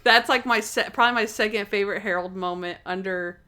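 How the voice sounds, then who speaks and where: A young woman co-hosting a podcast, casually retelling TV scenes with quick acted-out quotes and frequent laughter. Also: medium pitch, bright, forceful tone, clear, resonant tone. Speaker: podcast co-host. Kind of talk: casual chat.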